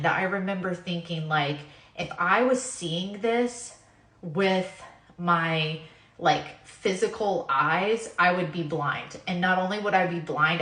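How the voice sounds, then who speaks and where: A woman in her twenties with a fairly low pitch and fairly bright tone tells the story of her near-death experience as a guest. Her testimony is earnest and full of fillers like "like", recorded in an echoey room.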